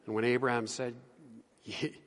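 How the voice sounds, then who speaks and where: A middle-aged male pastor delivers a sermon, earnest and pressing, then dropping to a hushed tone. His voice sits a little high for a man. It rings out with the long reverb of a church sanctuary. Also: unhurried. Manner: earnest, swings from emphatic to hushed.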